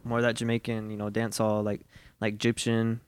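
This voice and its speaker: A man's voice: lowish voice, completely flat delivery, normal speed, clear, resonant tone, no room sound. A man from a reggae band chatting as a podcast guest, laid-back and rambling, swearing now and then. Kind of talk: casual chat.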